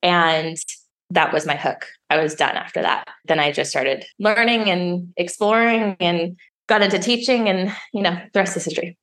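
Lively storytelling woman, lowish voice. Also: normal speed. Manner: lively storyteller, acts out quoted dialogue with pitch jumps. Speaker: sommelier and wine educator guest. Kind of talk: casual storytelling interview.

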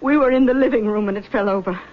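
A woman's voice: mid-range voice, fast talker, lightly acted. Woman doing a fussy middle-aged mom, sweet-talking and defensive, old lo-fi radio play. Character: doting, occult-minded middle-aged mother. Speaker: mother. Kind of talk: 1970s radio drama acting. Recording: dull lo-fi old radio recording with faint hiss.

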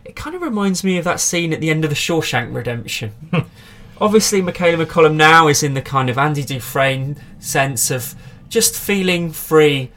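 A man's voice: a little high, lively intonation, moderate pace, fairly bright tone. A man hosting a comedy podcast, reading tabloid articles aloud in a dry, mock-serious way with wry asides. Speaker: podcast host.

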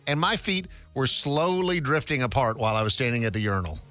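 A man co-hosting a radio show, his voice bright and forward, with a lively pitch that swings up and down. He tells a story in a loose, joking way while soft music sits under the talk. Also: fast. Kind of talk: casual radio chat.

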